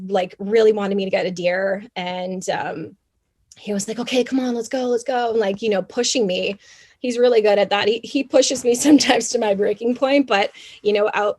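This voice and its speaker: A young adult woman from Canada, a podcast guest telling a story in an animated, chatty way with many fillers. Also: medium pitch. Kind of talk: casual interview storytelling.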